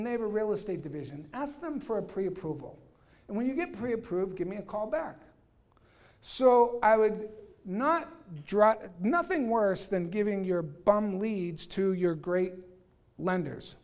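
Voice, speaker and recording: A man speaks to a room of real estate agents in a lively, punchy way. He acts out dialogues and throws questions back at the audience, sometimes blunt and profane. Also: high-pitched. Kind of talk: live training talk to agents.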